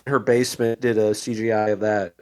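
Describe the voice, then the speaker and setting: A man's voice: fairly low pitch, little pitch movement, fairly quick. A man co-hosting a podcast, making wry jokes in casual banter. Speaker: podcast co-host.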